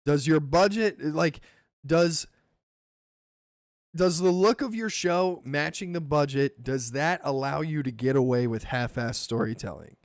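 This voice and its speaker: A man with a fairly high voice talks loosely and profanely on a podcast, rambling and laughing easily. His voice sounds close and dry, with no room around it. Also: measured pace, no room sound. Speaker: podcast co-host. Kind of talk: casual chat.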